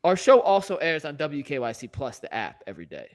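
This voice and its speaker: A man's voice: fairly high pitch, huge pitch swings, fairly quick. Upbeat man telling a studio story. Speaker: co-host. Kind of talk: casual studio chat, storytelling.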